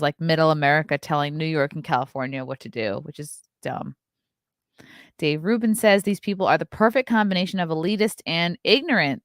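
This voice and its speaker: A woman's voice: on the low side, no echo, studio quality. A woman hosting her own show, reading news stories aloud and breaking off for sarcastic, profane, scornful asides. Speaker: host.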